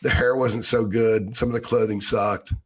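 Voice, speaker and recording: A man's voice: lowish voice, level tone, moderate pace, a crowd in the background. A middle-aged man co-hosting a casual sports podcast, talking with wry, nostalgic, grumbling humor. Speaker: sports reporter and co-host.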